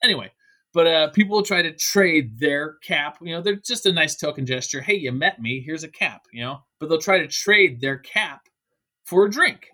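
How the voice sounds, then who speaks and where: A man telling a lively bar anecdote as a podcast guest, acting out the quotes of the people in it. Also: a little high, normal speed. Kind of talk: animated storytelling.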